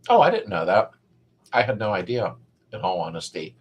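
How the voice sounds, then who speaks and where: Man, middle-aged, husky voice, rambling live chat host. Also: low voice, very animated, normal speed, muffled recording. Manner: rambling, reads chat comments aloud and greets viewers by name. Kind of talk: casual live chat with viewers.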